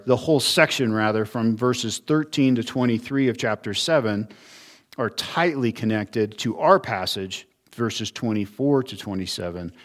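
A man preaching an expository sermon as pastor, in an earnest teaching manner that poses rhetorical questions and shifts his emphasis often. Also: medium pitch.

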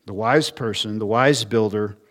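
A man's voice: fairly low pitch, moderate pace, a bit bright. Man preaching an expository sermon. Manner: earnest teaching, rhetorical questions, varied emphasis. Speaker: pastor.

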